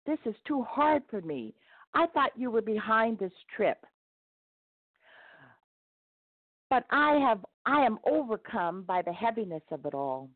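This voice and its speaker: A woman's voice: medium pitch, very animated, normal speed, few pauses, no room sound, voice pushed up. A woman voicing an earnest, emotional man hauling a heavy wagon in a storybook tale, pleading as he talks. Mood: distressed. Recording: tinny phone-like dry sound.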